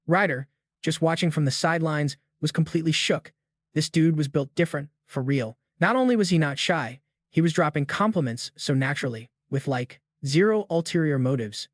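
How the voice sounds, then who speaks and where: A man's voice: a little high, normal speed, no echo, studio quality. A man narrating a comic story recap in a casual, slangy way.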